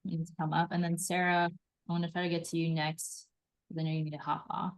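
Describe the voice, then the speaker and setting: A woman hosting a live card reading, enthusiastic and animated, acting out little quoted voices as she coaches. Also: on the low side, quick pace. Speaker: host and intuitive reader.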